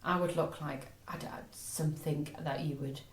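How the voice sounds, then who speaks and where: A woman's voice: low-pitched, steady tone, normal speed. A middle-aged woman co-hosting a podcast, blunt and chatty, with a lot of laughter. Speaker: podcast co-host. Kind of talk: casual chat. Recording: roomy echo, faint background noise.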